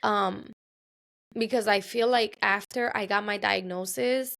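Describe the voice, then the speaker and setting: A woman's voice: medium pitch, fairly even intonation, measured pace, vocal fry, fairly bright tone. A woman hosting a podcast, telling a personal story in a chatty, casual way and repeating phrases for emphasis. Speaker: podcast host. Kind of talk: casual solo podcast monologue.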